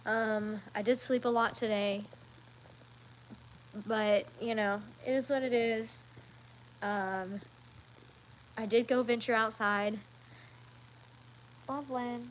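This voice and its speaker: A woman chatting casually on a live stream, rambling along with frequent ums and quick self-corrections. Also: on the high side, fairly even intonation, slight background noise, poor audio. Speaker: livestreamer.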